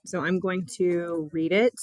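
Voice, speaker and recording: Teacher, female, lowish voice, recorded close and dry; chatty, relaxed test read-through for her class. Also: unhurried, dry recording. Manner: casual, chatty, with small laughs. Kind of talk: reading a test aloud to students.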